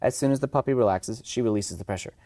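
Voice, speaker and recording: A man's voice: medium pitch, fast talker, dark tone, dry recording. A man speaking as a dog trainer guest in a casual podcast conversation, chatty, acting out owners and dogs in raised voices.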